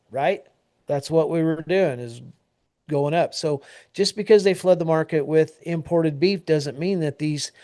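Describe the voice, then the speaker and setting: A man's voice: a little high, a little mellow, dry recording, studio quality. A man co-hosting an agriculture news talk show, speaking in a plainspoken, rambling way with many fillers and restarts. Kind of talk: casual news discussion.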